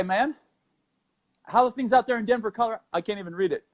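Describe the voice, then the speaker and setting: A man hosting a fitness show, leading an exercise demo and then chatting in an energetic, jokey, rambling way, a little out of breath. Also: high voice, quick pace, lo-fi sound. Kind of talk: exercise demo and casual podcast chat.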